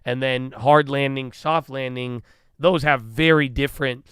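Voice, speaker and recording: A man's voice: mid-range voice, steady tone, a little slow, a bit bright, smooth, dry recording, clean studio sound. A young man hosting a casual livestream, talking animatedly, swearing freely and acting out his own inner dialogue. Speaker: livestream host.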